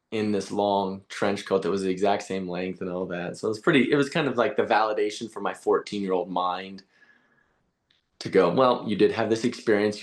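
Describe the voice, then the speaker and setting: A man as a podcast guest, telling a personal story in a casual, animated way, acting out quoted voices and saying "like" often. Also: lowish voice. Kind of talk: storytelling in conversation.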